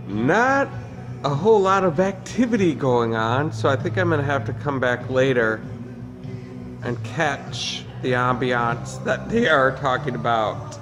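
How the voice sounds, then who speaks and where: A man's voice: mid-range voice, lively intonation, measured pace, music in the background. A man hosting a casual travel vlog, chatty and self-deprecating, with hesitant restarts, recorded on a camera mic while out and about. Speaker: travel vlogger host. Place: out and about in a city neighborhood and a bar.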